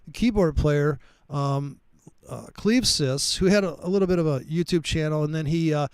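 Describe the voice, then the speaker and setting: High-voiced swearing storyteller man. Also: normal speed, clean tone, no echo. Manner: animated storyteller, swears freely. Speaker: trading stream host. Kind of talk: casual chat.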